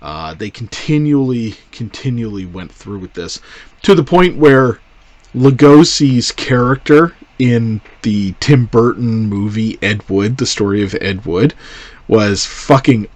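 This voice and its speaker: Male podcast host, animated pitch, dry close sound, casual and profane. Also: measured pace, no room sound. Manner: loose, profane, animated delivery.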